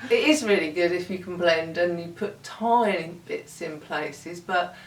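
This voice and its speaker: A woman's voice: fairly low pitch, a little slow. A middle-aged woman, chatting casually and self-mockingly with her daughter at home. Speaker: vlogger's mother, guest. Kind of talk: casual chat. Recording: roomy sound, mic at a distance.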